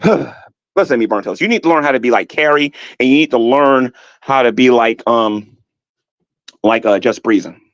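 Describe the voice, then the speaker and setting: A man doing a YouTube livestream, ranting at rivals with animated, mocking talk and frequent laughter. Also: mid-range voice, normal speed, dry recording. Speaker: YouTube commentator. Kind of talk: mocking rant to a livestream chat. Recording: dull, dry lo-fi audio.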